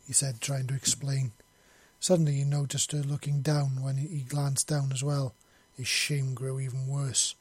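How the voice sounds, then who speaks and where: A man narrating a story in a steady, measured audiobook reading. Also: mid-range voice, breathy edge, dry recording.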